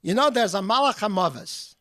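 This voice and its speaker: A man's voice: very high-pitched, expressive, measured pace, a bit bright, no room sound, clean studio sound, exaggerated voice. A man voicing a spry, joking old man in his nineties, telling a folksy tale.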